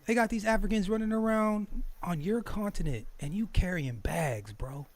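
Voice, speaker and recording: This podcast host's voice sits high and sounds expressive at a normal speed. On his streamed talk show he's casual and profane, getting heated, laughing often and stumbling as he repeats words.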